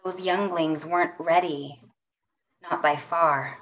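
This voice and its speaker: A middle-aged woman poet reading her poems aloud in a slow, measured way with soft pauses between lines. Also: lowish voice, steady tone. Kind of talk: poetry reading.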